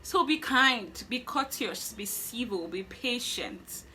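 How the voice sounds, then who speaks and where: A young woman with a Nigerian accent telling a personal story on her vlog in an animated way, laughing and acting out what she thought at the time. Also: a little high, takes it slowly, a little hiss or hum. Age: young adult. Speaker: vlogger.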